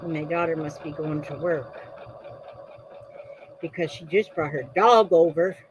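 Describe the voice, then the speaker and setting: A woman's voice: low-pitched, measured pace, dull audio, background noise. A middle-aged woman from Florida chatting casually while crafting, often wandering off topic. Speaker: crafting vlogger. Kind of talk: casual rambling chat.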